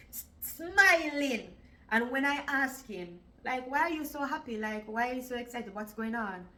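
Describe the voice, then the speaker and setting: A woman's voice: a little high, bright, forceful tone, rough recording. A Jamaican woman in her forties telling her own story in a vlog, emotional and repeating "like" often. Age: 40s. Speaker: vlogger.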